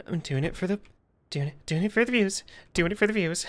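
A woman's voice: lowish voice, lively intonation, a little fast. A young woman giving nervous, joking commentary while playing a horror game, often repeating herself. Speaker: gaming video creator.

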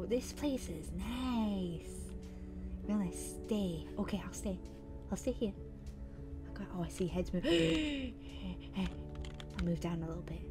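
A woman voicing a sneaky young female student at camp in a game-based roleplay story, excitable and chatty, with gasps and whispered asides. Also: on the low side. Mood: hushed. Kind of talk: Minecraft roleplay acting.

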